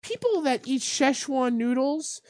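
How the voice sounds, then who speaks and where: A woman's voice: high-pitched, animated, measured pace, a little mellow, dry recording, studio quality. A young woman hosting a mock talk-radio show, ranting in fake outrage and swearing.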